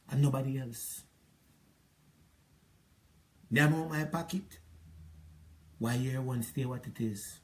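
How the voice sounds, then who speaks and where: A man's voice: on the high side, dark tone. A man with a Jamaican accent, ranting at an ex-partner in a rambling, repetitive, scolding monologue. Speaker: relationship advice vlogger.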